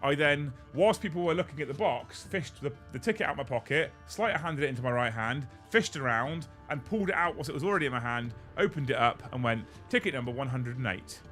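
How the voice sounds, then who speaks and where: A man hosting a casual chat, telling an animated story and swearing freely. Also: fairly high pitch, fast, hardly any pauses, faint music behind. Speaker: host.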